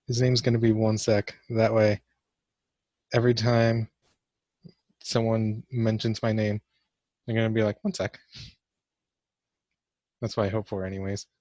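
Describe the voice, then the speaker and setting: A man's voice: lowish voice, level tone, moderate pace, long pauses, a little mellow, no room sound, muffled recording. A young man giving casual let's-play commentary for a class vlog, awkward and joking at his own expense. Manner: awkward, self-mocking joking. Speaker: gamer doing a class vlog.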